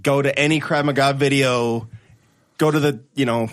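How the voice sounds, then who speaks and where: A man's voice: mid-range voice, steady tone, moderate pace. A man co-hosting a podcast, casually retelling videos with restarts and laughter. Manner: rambling storyteller, laughs at own stories, restarts often. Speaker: podcast co-host. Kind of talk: casual panel chat.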